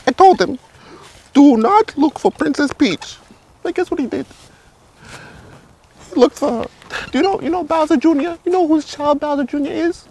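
A man's voice: very high-pitched, moderate pace, creaky, pauses often, a little mellow. A man playing Luigi, a cowardly plumber who rambles, jokes and panics in a comedy skit. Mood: panicked. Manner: rambling, jokey, jumpy, keeps panicking. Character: jittery cowardly adult male plumber Luigi. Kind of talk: comedy skit role-play. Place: outdoors in a village.

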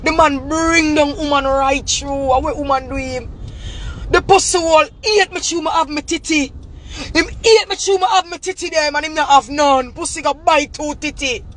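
A Jamaican woman ranting to camera in a heated, profane, repetitive tirade that breaks into shouting. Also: high-pitched, normal speed, slight background noise. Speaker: vlogger. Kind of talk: angry rant to camera.

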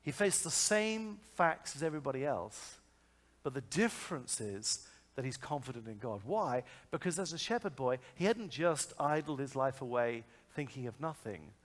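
A man preaching a sermon, telling a story in a lively, conversational way full of asides and rhetorical questions. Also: mid-range voice, normal speed. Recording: long hall reverb.

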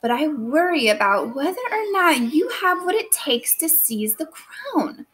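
A woman's voice: sits high, big pitch swings, a little slow, a bit bright, pitched above the performer's own voice, heavily acted, rough recording. A woman teacher voicing a scheming, ambitious noblewoman, reading dramatically with a put-on accent. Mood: persuasive.

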